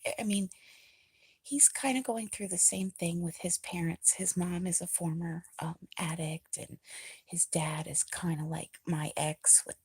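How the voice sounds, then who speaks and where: Woman, downcast confessional talker, husky and soft, trailing into breathy near-whispers, dry close sound. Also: on the low side, fairly even intonation, no room sound. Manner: rambling, with many filler pauses. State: feeling low and emotional. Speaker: vlogger. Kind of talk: casual confessional monologue.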